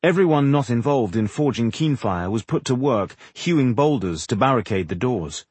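A man narrating a fantasy audiobook in a measured, expressive storytelling manner. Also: mid-range voice, slightly rough, no room sound. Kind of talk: scripted narration.

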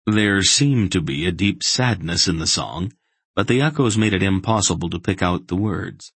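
A man narrating an audiobook in a steady, even storytelling voice. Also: sits low, moderate pace, slightly rough, no echo.

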